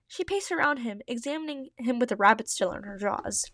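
A woman's voice: a little high, a little fast, a bit bright, no room sound, studio quality. A young woman reading her old fan story aloud with giggly, self-mocking asides. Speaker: podcast host reading her own old writing.

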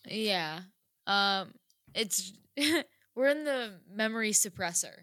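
A woman's voice: mid-range voice, lively intonation, takes it slowly, pushed and bright, dry recording. A woman chatting casually on a podcast, giggly and full of fillers. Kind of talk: casual chat.

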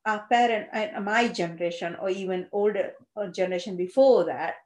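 A woman, a Gujarati speaker who tells her life story haltingly, with many fillers and restarts. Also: medium pitch, darkish tone. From India (Gujarat). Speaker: interviewee. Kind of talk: personal storytelling. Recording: roomy echo.

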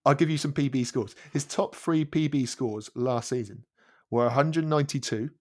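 Male podcast guest, mid-pitched voice, measured delivery, stumbles and repeats words. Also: a little mellow. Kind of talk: casual chat.

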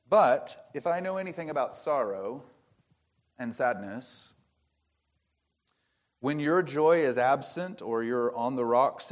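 A man preaching a sermon as pastor, explaining the grammar of a Bible verse and asking rhetorical questions. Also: mid-range voice.

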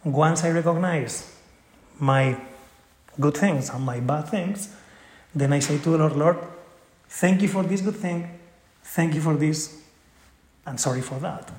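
A man's voice: on the high side, a little slow, pauses often, a little mellow. Earnest man giving a spiritual talk in an echoey room. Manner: earnest, tags points with "right?". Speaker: spiritual speaker.

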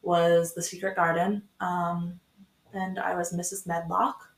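A woman's voice: lowish voice, flat delivery, unhurried, vocal fry. Bubbly young woman host, echoey room. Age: young adult. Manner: bubbly, giggly, lots of fillers. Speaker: podcast host. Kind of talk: casual chat. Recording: roomy echo.

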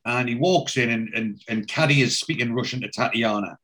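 A man's voice: mid-range voice, fairly quick, a bit bright. Guy hosting a podcast, rambling thru an episode recap, ums everywhere. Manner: rambling storytelling with many fillers. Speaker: podcast host.

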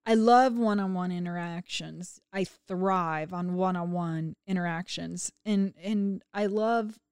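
A woman co-hosting a podcast who talks slowly and reflectively, often pausing on fillers. Her voice is smooth and clear, and it is recorded close in a dry room. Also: on the low side, darkish tone, no room sound. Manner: reflective and measured, with frequent fillers. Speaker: podcast co-host. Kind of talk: casual chat.

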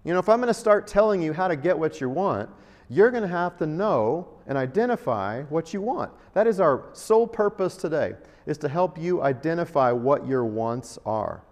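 A man preaching a sermon in a conversational, emphatic way, with sudden bursts of loudness. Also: fairly high pitch. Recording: long hall reverb.

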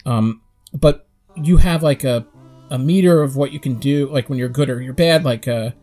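A man co-hosting a podcast, chatting casually and telling stories in a rambling, animated way with quick acted-out quotes. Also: mid-range voice, soft background music. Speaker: podcast co-host. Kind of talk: casual chat.

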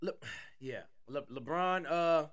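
A man's voice: on the high side, slow pace, fairly bright tone. A man co-hosting a casual sports podcast, teasing and laughing, swearing casually. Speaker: podcast co-host.

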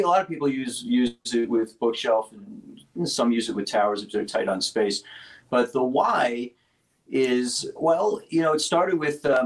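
A man's voice: medium pitch, low-quality recording. A man, a speaker company founder, talking casually in an interview, rambling with restarts and technical detail.

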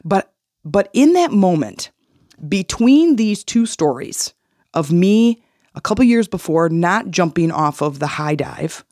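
A podcast host telling a personal story in an animated way, acting out the voices of people in it. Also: mid-range voice, dry recording, studio quality. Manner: animated, acts out quoted voices.

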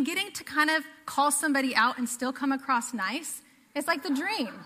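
A woman's voice: high-pitched, bright, forceful tone, long reverb tail. A woman from the Pacific Northwest preaching a sermon to a church congregation, earnest and conversational, often repeating phrases. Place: church sanctuary.

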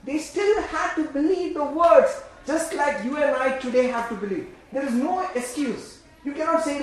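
A man preaching a sermon in an emphatic, repetitive way, swinging between loud bursts and hushed lines, and leading the congregation in repeating phrases. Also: very high-pitched, animated, moderate pace, few pauses. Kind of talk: sermon with call-and-response. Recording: very echoey room.

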